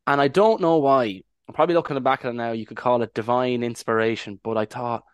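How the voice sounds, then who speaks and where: A man's voice: medium pitch, fairly even intonation, fairly quick, clean tone, no room sound. An Irish man, a podcast guest, talking casually and reflectively, rambling a little with restarts as he tells his story. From Ireland. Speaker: podcast guest, language advocate.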